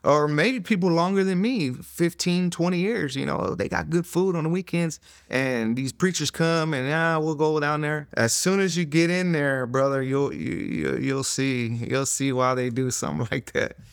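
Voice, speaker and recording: A middle-aged man telling his testimony in an interview, earnest and conversational, full of "you know" fillers and dropping to a hush at emotional moments. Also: fairly high pitch, normal speed, vocal fry, hardly any pauses, no room sound, clean studio sound. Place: recorded interview in a studio room.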